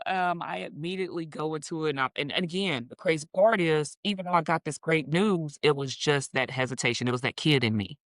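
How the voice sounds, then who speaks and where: A woman's voice: sits low, fairly quick, hardly any pauses, no echo. A middle-aged woman, a guest teacher, telling her story in casual conversation and acting out the voices of the people she quotes. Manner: animated, acts out quoted voices.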